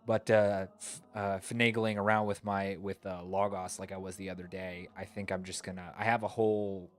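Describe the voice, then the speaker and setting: A man's voice: sits low, level tone, moderate pace. A man streamer chatting casually and rambling, thinking aloud with fillers, sleepy. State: yawning, sleepy. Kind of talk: casual chat.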